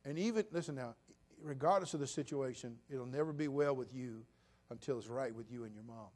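A pastor in his sixties preaching a sermon, swinging between loud bursts and quiet, low asides. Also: a little fast. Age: 60s.

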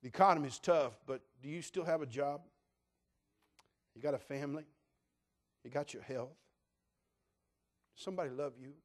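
An older man preaching a sermon in a church in an animated, joking, conversational way. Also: on the high side, moderate pace, long pauses. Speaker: pastor.

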